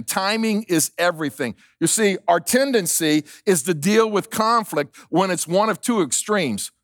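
A man's voice: high voice, dry recording, clean studio sound. A male pastor preaching a sermon, emphatic, repeating key lines and asking the congregation questions.

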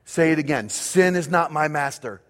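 Emphatic pastor in a reverberant hall. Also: male voice, a little high, lively intonation, normal speed, a bit bright. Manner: emphatic, repeats key phrases for the congregation. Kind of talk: sermon. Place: church auditorium. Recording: long reverb of a large hall.

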